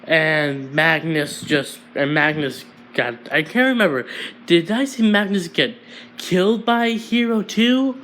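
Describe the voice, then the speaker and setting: A man's voice: on the high side, expressive, slow pace, a bit bright, a little hiss or hum. A man improvising a fan-fiction story, giggling, apologizing and restarting often.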